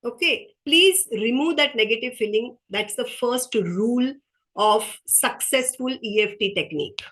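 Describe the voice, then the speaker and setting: Woman, unhurried webinar speaker, slightly high voice, earnest and repetitive. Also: fairly bright tone, low-quality recording. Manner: slow, earnest, repeats key phrases. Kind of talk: motivational workshop talk.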